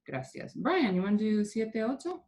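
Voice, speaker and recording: A woman's voice: mid-range voice, sing-song, moderate pace, darkish tone, slight background noise. A woman teaching a Spanish class, patiently explaining grammar step by step.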